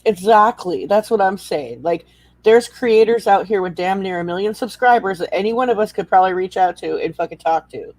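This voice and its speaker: A woman's voice: medium pitch, a little fast, a little mellow, no echo, rough recording. A woman on a casual panel chat, laid-back and swearing offhandedly.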